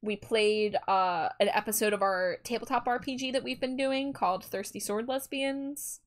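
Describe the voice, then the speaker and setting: A woman's voice: on the high side, moderate pace. Bubbly giggling woman streamer. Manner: bubbly and giggly, reads chat aloud. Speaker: livestream host. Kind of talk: casual chat with viewers while drawing.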